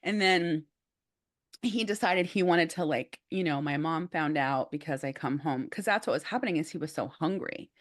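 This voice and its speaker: A woman co-hosting a podcast, telling a story in casual chat with lively, animated delivery and plenty of filler "like"s. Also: low voice, normal speed. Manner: animated, acts out quotes, says "like" often. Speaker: podcast co-host.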